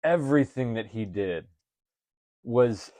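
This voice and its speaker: A man co-hosting a casual chat, easygoing and deliberate as he sums things up. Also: medium pitch, animated, warm tone, dry recording. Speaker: wrestling podcast co-host.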